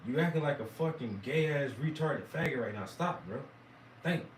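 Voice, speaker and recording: A hoarse man giving crude, mocking reaction commentary in a rambling rant. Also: medium pitch, expressive, moderate pace, echoey room, distant mic, slight background noise, poor audio. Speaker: commentator reacting to debate clips.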